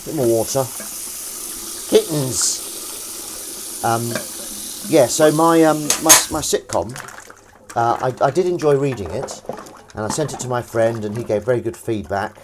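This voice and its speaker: Over a noisy background, a man with a mid-range voice speaks at a measured pace. He washes dishes during a live stream, chatting casually, rambling and teasing the chat, with water running and dishes clattering behind.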